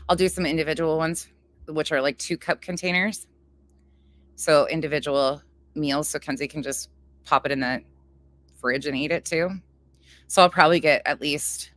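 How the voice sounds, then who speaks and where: A woman's voice: low voice, fairly bright tone, no room sound. A woman hosting a casual cooking livestream, chatting with viewers in a blunt, chatty way, swearing freely and laughing often. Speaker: livestream host.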